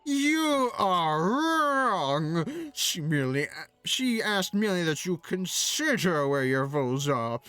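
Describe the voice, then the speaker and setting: A streamer voicing a pompous, condescending male archery guildmaster from a video game, reading his lines in a haughty, drawn-out way. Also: medium pitch, big pitch swings, fairly bright tone, smooth, dry recording. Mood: scornful. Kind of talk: reading game dialogue aloud.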